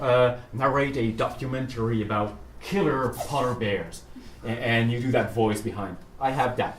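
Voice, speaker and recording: Animated French-speaking professor in an echoey hall. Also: male voice, medium pitch. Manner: animated, storytelling, hesitant fillers. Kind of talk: interview talk on stage. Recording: echoey room, far from mic, faint noise.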